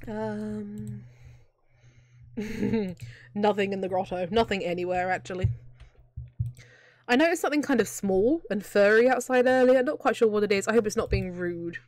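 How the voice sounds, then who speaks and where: A woman's voice: mid-range voice, normal speed, pauses often, a little mellow, no room sound. A young woman giving chatty, jokey live commentary while she plays a video game, often breaking into laughter. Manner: chatty, giggly, jokey asides. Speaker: streamer playing a video game.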